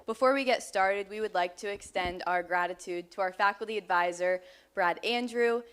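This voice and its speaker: Clear-voiced young woman presenting. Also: mid-range voice, normal speed, a bit bright. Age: young adult. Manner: formal, scripted. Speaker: student presenter. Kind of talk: presentation to an audience.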